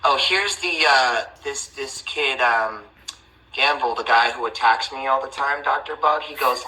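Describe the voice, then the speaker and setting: Bright-voiced man ranting on a livestream. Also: mid-range voice, unhurried, low-quality recording. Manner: rambling and defensive, with many restarts. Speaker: livestream host. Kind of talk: casual livestream chat.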